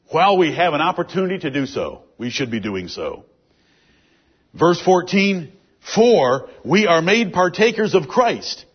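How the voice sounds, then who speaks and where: Husky man preaching through bible verses, dull lo-fi sound, leans hard on key words. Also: a little high. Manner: emphatic, reads and explains scripture verses. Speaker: Bible teacher. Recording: dull lo-fi recording.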